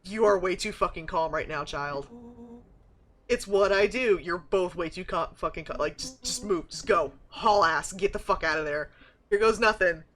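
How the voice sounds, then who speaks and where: A young woman streaming a story game, reading it aloud and reacting with loud swearing and excited shrieks. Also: fairly low pitch, moderate pace, slight background noise. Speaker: streamer playing and voicing a game. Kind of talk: casual gameplay commentary with voiced reading.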